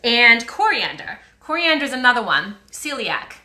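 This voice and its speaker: A woman's voice: fairly high pitch, very animated, moderate pace, sharp tone. A woman with a Boston accent hosting a chatty, upbeat live stream, answering viewer comments with frequent ums. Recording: roomy echo.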